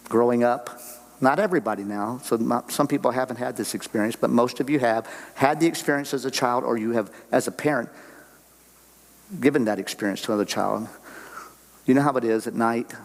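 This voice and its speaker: Older man preaching, gravelly, reverberant hall. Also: mid-range voice. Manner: conversational, folksy preaching with rhetorical questions. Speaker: guest speaker on missions. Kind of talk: sermon. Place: church sanctuary.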